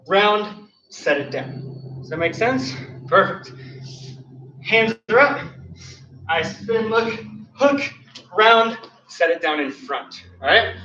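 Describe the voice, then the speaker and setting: Demonstrating the kicks as he teaches, a martial arts coach leads an online class, counting every move and shouting cues in a high, bright voice. He's breathless, and the dull recording places him far from the mic in a roomy studio.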